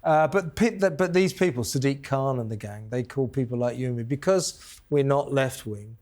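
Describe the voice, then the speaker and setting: A man's voice: medium pitch, moderate pace, darkish tone. Man, talk show host, hesitant, lots of uhs, conversational interview. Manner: hesitant, many fillers and restarts.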